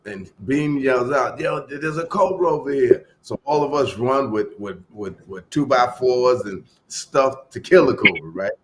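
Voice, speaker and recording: A middle-aged man telling a long story as a podcast guest in a relaxed, casual way, trailing off into fillers and acting out the voices of the people in it. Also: mid-range voice, a little hiss or hum. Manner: laid-back, acts out quoted voices, trails off into fillers.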